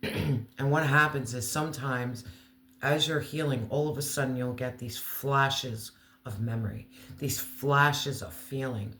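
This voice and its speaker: A man delivers a spiritual tarot reading in an earnest, emotional way, leaning on words slowly for emphasis. His voice sits at an ordinary middle pitch. The recording carries a roomy echo and a faint hiss. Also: fairly even intonation, sharp tone. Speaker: tarot reader.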